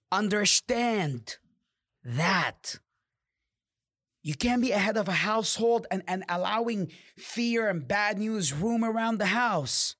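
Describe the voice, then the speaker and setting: A man's voice: a bit bright, no room sound. Male podcast host, motivational rant, heavy cursing, dead-dry close mic. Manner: profane, fired-up preaching with sudden drops to low growls. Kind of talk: motivational monologue.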